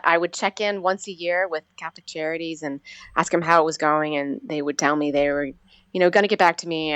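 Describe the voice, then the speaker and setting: Low-voiced woman in her forties, earnest. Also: fairly bright tone, clean tone, no room sound. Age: 40s. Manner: earnest, halting, with frequent restarts. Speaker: interview guest. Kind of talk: personal storytelling in an interview.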